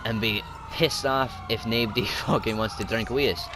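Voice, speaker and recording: At a moderate pace and with a fairly low voice, a young gaming YouTuber from Scotland narrates his play in a Scottish accent. The commentary is rowdy and full of swearing, with him shouting at the game.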